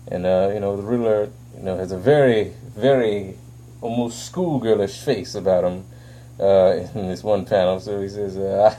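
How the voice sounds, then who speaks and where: A man's voice: fairly low pitch, fairly even intonation, normal speed, dark tone, slight background noise. A man giving a casual spoken comic book review, hesitant and full of fillers, recorded on a phone. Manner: hesitant, filler-heavy, rambling.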